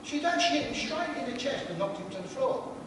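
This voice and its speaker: Older male preacher, high voice, chatty anecdotal sermon, far off in a boomy hall. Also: lively intonation, fairly quick. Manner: chatty, jokes with the congregation. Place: church hall. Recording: echoey hall from far off, noisy.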